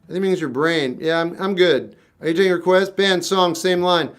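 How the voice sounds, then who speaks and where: A man's voice: high-pitched, steady tone, a little fast, clear, resonant tone. Blunt, wry man in his fifties. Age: 50s. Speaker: singer-songwriter livestreamer. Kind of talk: casual livestream chat answering comments. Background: guitar playing.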